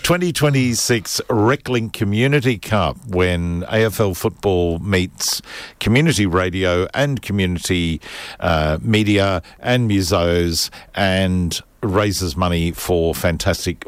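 A man's voice: low-pitched, takes it slowly, no echo. An Australian man hosting a community radio show in casual, jokey, rambling chat from a studio mic. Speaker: radio host. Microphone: studio microphone.

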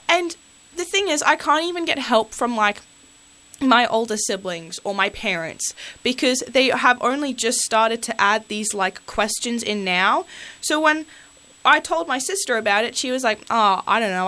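A woman's voice: sits high, pushed and bright. A young Australian woman hosting community radio, ranting on air into a studio microphone with an exasperated, rambling delivery full of fillers.

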